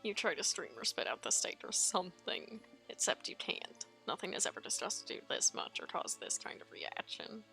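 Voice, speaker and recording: Bright, gravelly woman reading a game aloud. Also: on the low side, moderate pace, few pauses, faint music behind. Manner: giggly, expressive reading. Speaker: let's play streamer. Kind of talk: reading a visual novel aloud.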